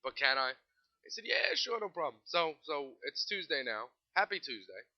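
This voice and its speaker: A man's voice: a little high, sing-song, moderate pace, highs cut off. A man hosting his own podcast, ranting sarcastically and swearing as he vents about a band his listeners keep mentioning. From United States. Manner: sarcastic, exasperated, swears freely. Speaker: podcast host. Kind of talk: casual solo podcast rant.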